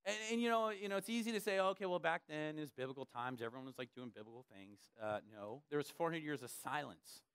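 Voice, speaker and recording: A young man preaches in church, bouncing into stories and acting out the people in them. His voice sits a little high for a man. The sound is dry and close. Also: fast, hardly any pauses, clean tone, dry recording. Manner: animated storytelling, acts out voices, laughs along. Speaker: pastor. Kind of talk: sermon with storytelling.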